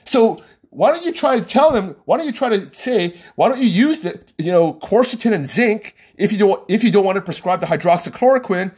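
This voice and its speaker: A man's voice: high voice, expressive, a little fast, hardly any pauses, a little mellow, slightly rough. A man talking as a podcast host in an exasperated, argumentative rant that keeps repeating itself. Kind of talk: ranting monologue.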